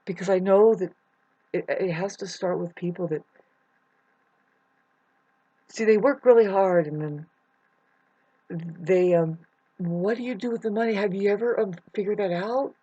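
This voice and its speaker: A woman's voice: mid-range voice, measured pace, long pauses, warm tone, slightly rough, no echo. A woman vlogger rambling through a searching spiritual monologue, speaking straight to the viewer and calling them "babes". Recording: muffled lo-fi audio.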